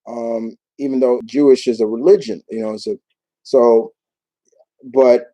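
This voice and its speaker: A man from New York hosting a casual live Q&A, talking in a rambling, animated way with many restarts. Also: medium pitch, unhurried, poor audio. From New York, United States. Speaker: YouTube show host.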